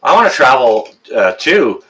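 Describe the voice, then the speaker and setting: Bright-voiced Canadian man in his fifties. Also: medium pitch, very animated, a little slow. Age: 50s. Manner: joking, teasing, many fillers and restarts. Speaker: livestream host. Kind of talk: casual live-stream chat with viewers.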